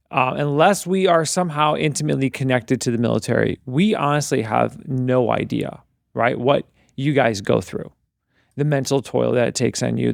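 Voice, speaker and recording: A man's voice: medium pitch, gravelly, no echo, clean studio sound. A man hosting an interview, speaking in an earnest, reflective way with many fillers. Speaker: interview host. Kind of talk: conversational interview.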